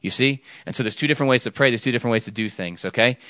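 A man's voice: medium pitch, rapid-fire, fairly bright tone, no room sound, studio quality. A man preaching an informal sermon, talking with the audience, checking in with "okay?" often and restarting his sentences. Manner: chatty, frequent "okay?" and restarts, jokes with audience.

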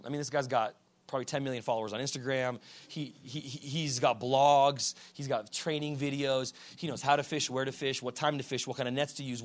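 A man preaching a fervent sermon, swinging from low, quiet lines to shouted peaks and calling out to the congregation. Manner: calls out "come on now" to the congregation.

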